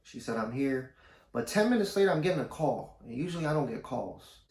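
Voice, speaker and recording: Gravelly, laid-back male vlogger. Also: big pitch swings, fast talker, darkish tone. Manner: laid-back, slangy, low-key. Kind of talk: casual storytelling to camera. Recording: roomy echo.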